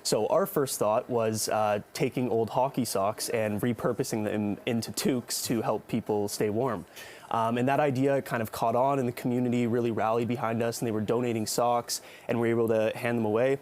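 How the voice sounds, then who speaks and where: A young man describes the charity he co-founded during a TV interview, speaking earnestly with occasional ums. His pitch sits in a middle range. Faint noise lies behind him. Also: fairly even intonation, a little fast, darkish tone. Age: young adult.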